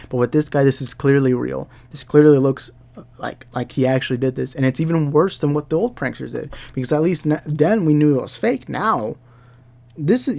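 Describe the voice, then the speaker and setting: A young commentary YouTuber delivers an angry reaction, ranting heatedly and repeating himself. His mid-range voice is gravelly and a little mellow.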